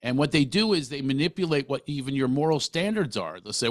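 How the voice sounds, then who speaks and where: A man's voice: medium pitch, expressive, brisk, no room sound. Middle-aged guy hosting a podcast, earnest and pushy, keeps restarting sentences, dry close mic. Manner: earnest, emphatic, often restarts mid-sentence. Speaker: podcast host. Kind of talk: casual interview talk.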